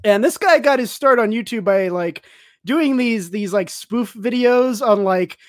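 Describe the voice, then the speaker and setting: Animated man from El Paso, lively pitch. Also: normal speed, no echo, studio quality. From El Paso, Texas. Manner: laughs often, rambling and animated. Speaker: podcast co-host. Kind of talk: casual chat.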